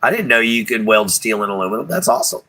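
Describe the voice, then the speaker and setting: A man's voice: mid-range voice, big pitch swings, fast, pushed and bright, rough recording. A man from Texas hosts a livestream. He chats casually with viewers in a rambling, folksy way and chuckles often. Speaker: livestream host. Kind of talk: casual chat with live viewers.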